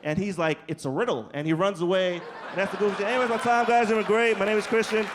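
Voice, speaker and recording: A man's voice: high-pitched, fast talker, a crowd in the background, noisy background. A man doing a casual, profane stand-up comedy set on a comedy club stage, telling stories with energy. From New York. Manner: casual, profane, animated storytelling.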